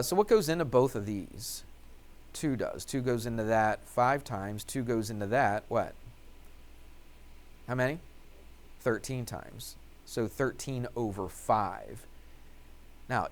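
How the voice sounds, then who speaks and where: Math teacher quizzing an empty room. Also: male voice, mid-range voice, takes it slowly. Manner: asks questions and answers them himself; talks while writing out steps. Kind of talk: classroom lecture.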